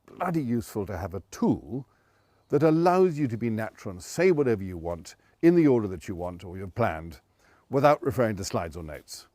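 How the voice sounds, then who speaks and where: A man's voice: lowish voice, no room sound. A man, a presentation coach giving conversational advice straight to camera. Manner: conversational, animated, with quoted asides.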